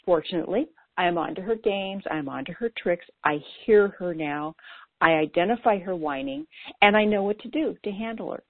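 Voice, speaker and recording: A woman's voice: medium pitch, lively intonation, moderate pace, gravelly, no echo. A woman coach with ADHD giving an earnest, lightly playful scripted talk about self-talk. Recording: dry, tinny phone-like sound.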